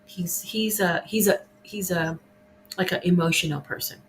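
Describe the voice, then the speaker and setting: A woman in casual podcast conversation, reflective and quick to laugh, speaking in short halting bursts. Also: on the low side, steady tone, slight background noise, poor audio.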